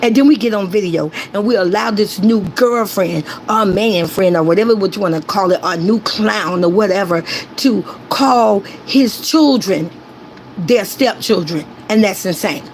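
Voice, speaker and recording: A woman's voice: mid-range voice, normal speed, darkish tone, a little hiss or hum, poor audio. Emphatic woman ranting to her chat. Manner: emphatic, repetitive, addresses chat directly. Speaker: commentary host. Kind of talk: ranting commentary.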